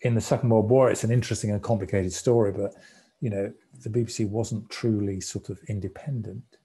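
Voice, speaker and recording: Man in his 60s, low mellow voice, relaxed storyteller at a society talk. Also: fairly quick. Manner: conversational storyteller, relaxed and reflective. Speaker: guest speaker, former broadcasting executive. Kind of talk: anecdotal public talk.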